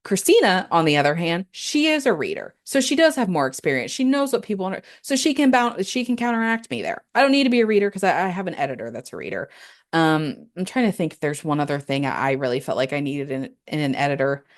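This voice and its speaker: Woman host, low-pitched, chatty and candid, solo podcast talk with playful tangents. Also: sing-song, quick pace.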